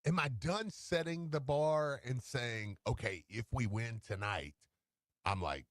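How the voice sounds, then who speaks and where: A man co-hosting sports radio, excitable, stammering and restarting as he talks into a studio microphone. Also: medium pitch, measured pace, no room sound. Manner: animated, stammers and restarts, laughs easily. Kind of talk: casual sports radio talk.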